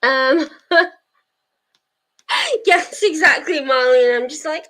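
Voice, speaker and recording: A woman's voice: high voice, very animated, slow pace, vocal fry, pauses often, bright, forceful tone. A woman hosting a casual reading livestream, chatting with viewers, giggly and full of fillers. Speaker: livestream host of a reading sprint.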